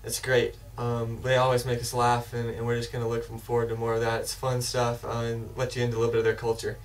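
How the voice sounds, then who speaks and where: An enthusiastic, loose host introduces his web show at a mid pitch. He sits away from the mic, so his voice sounds distant. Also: monotone, fast talker. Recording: voice from afar.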